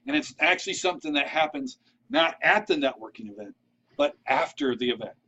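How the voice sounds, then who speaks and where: A man with a slightly high voice talks in a loose, conversational way, full of asides. He keeps checking in with his listeners as he gives practical tips. The recording sounds a little dull and lo-fi. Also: lively intonation, fairly quick, sharp tone. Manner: conversational, checks in with "all right?"; loose and rambling, with restarts and asides. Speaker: vlogger giving networking tips. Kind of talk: casual advice talk to camera.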